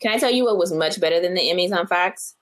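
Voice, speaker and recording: A woman's voice: fairly low pitch, fast, fairly bright tone. A woman co-hosting a casual podcast chat, telling stories and acting out her own thoughts in quotes. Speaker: podcast co-host.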